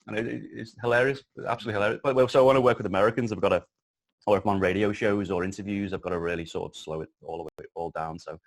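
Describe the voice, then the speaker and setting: Scouse male guest, 30s, very low voice, loose rambling delivery, restarts and swearing. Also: fairly even intonation. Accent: Liverpool (Scouse). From Liverpool, England. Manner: rambling, many restarts, swears casually, deliberately slowed accent. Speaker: guest, filmmaker. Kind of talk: casual interview chat.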